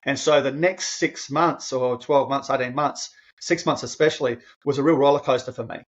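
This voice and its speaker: An earnest man in his 50s tells a personal story conversationally as a podcast guest, his mid-range voice at a moderate pace in a muffled recording. He's emotional, keeps restarting phrases, and grows animated quoting himself.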